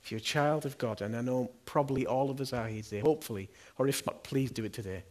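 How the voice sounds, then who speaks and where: A middle-aged pastor preaches a sermon in church, speaking earnestly and conversationally while firing one question after another at his listeners. His voice sits in the mid range, a little mellow, and he talks fast.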